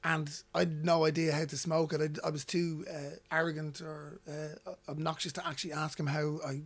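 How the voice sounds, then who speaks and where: A man's voice: a little high, level tone, moderate pace. A man from Ireland with an Irish accent, a guest telling personal stories in a loose, repetitive way. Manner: rambling, repeats words when starting sentences. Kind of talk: casual storytelling.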